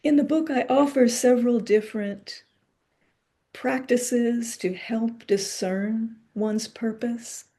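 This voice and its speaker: A woman gives a reflective spiritual lecture in a warm, mellow voice. She speaks unhurriedly and meditatively, letting pauses and soft asides settle between her thoughts. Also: a little high, steady tone. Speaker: lecturer and author.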